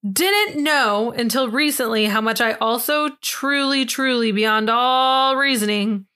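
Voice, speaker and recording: A woman's voice: fairly high pitch, a little slow, pushed and bright, clear, resonant tone. A young woman co-hosting a podcast in casual chat, rambling and giggly, swearing freely. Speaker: podcast co-host.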